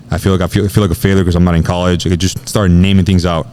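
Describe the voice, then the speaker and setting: Guy in his 30s spilling a story super fast, lots of bro, kinda low voice. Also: level tone, darkish tone. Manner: rapid slangy talk, says bro a lot. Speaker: podcast guest. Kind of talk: casual storytelling.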